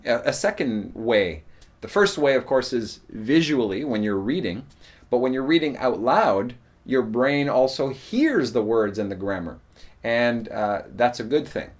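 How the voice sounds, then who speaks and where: Man, teacher, casual spoken lesson, mid-range voice, relaxed, frequent fillers. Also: mid-range voice. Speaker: English teacher.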